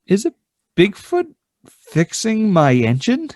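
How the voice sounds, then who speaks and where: A man's voice: sits high, huge pitch swings, slow, a little mellow, no room sound, clean studio sound, pitched above the performer's own voice, full character voice. A man voicing a naive, friendly boater lost in a swamp, polite, wide-eyed and folksy. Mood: surprised.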